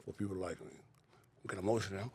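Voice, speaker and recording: A man's voice: low-pitched, fast talker, very noisy. A man in his sixties chatting as a podcast guest in a laid-back, rambling way, laughing often and peppering his talk with "man". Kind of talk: casual interview chat.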